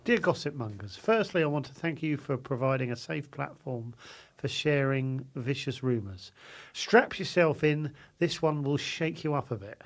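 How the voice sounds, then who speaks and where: A man's voice: mid-range voice, expressive. A man co-hosting a comedy podcast, teasing his co-hosts, swearing and reading out listener letters. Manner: teasing, swearing, quick to laugh. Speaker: podcast co-host.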